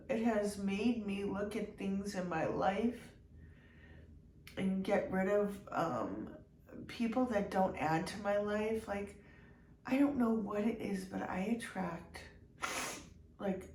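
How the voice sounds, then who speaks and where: Slow-talking woman in an echoey room. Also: medium pitch, darkish tone. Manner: emotional, halting, many restarts and fillers. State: tearful at times. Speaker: channel host. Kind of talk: personal video diary. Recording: echoey room, somewhat far from the mic, faint background noise.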